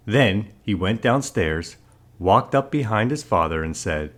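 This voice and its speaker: A man narrating a children's picture book aloud in an expressive storyteller manner. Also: fairly low pitch, measured pace.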